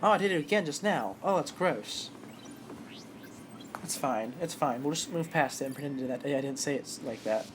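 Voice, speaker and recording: A woman's voice: sits low, animated, normal speed, background noise. A woman streamer chatting casually and self-mockingly while playing a game.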